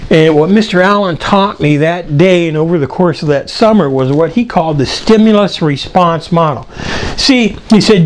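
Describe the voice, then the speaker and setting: Animated older man telling a story. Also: a little high, moderate pace, a little hiss or hum. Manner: animated, acts out voices in anecdotes. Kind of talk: personal storytelling talk.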